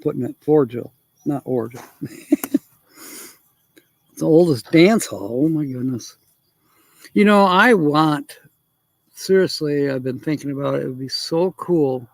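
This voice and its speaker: Male livestream host, slow unhurried delivery, slightly high voice, dry close sound, rambling chat with chuckles. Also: animated, gravelly, no echo. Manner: rambling, chuckling often, thinking aloud. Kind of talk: casual livestream chat reading viewer comments.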